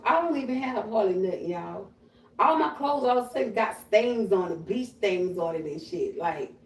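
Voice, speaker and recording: A woman holds forth on a live stream in a blunt, profane rant, loud and combative. She sits back from the mic, and her voice rings in an echoey room. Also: fairly high pitch. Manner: loud, confrontational, animated storytelling with shrieking imitations. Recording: roomy echo, voice a bit far from the mic.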